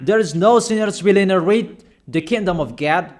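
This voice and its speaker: A man with a high-pitched voice preaches a sermon in emphatic, repetitive English. His phrasing is halting and non-native, and he fires questions at his listeners.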